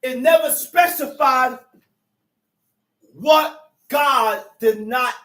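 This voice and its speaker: A man's voice: extremely high pitch, very slow. Emphatic man teaching scripture, heard from a distance in a roomy space. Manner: emphatic, repetitive, shouting for emphasis. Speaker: Bible teacher. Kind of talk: street-style Bible teaching. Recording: echoey room from far off.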